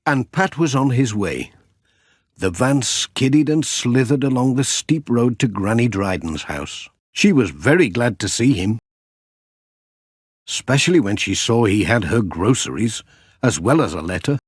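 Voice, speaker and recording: Slow expressive male storybook reader. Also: mid-range voice, husky, no room sound, studio quality. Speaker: audiobook reader. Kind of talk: storybook narration for children.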